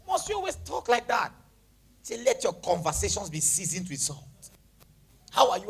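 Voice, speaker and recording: Man, pastor, raspy, gravelly, high-pitched, bright, lively preaching, sermon. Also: brisk. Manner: animated preaching, shouting then dropping to a hush, Pidgin phrases, laughing. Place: church hall with congregation.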